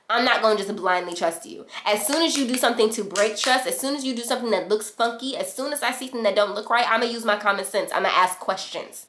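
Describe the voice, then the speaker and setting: A young woman vlogger telling a storytime in casual chat, animated and slangy, acting out what others said. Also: a little high. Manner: animated, slangy, acts out quotes. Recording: echoey room.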